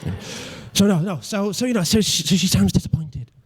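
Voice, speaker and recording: Stammering young Welsh stand-up comic. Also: male voice, sits high, a little fast. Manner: self-deprecating, stammering restarts, mock-logical. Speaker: stand-up comedian. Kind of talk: stand-up comedy routine.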